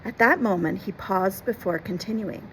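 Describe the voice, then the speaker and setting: A woman reads an adventure novel aloud with an expressive storyteller's delivery, stopping now and then to explain words for young listeners. Her voice sits at a middle pitch, with a faint hiss behind it. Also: normal speed, rough recording. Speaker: storyteller and teacher. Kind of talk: reading a classic novel aloud with explanations for children.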